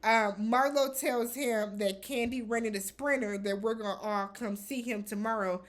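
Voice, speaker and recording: Blunt, animated woman recapping reality TV. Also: on the high side, moderate pace. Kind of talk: casual recap commentary.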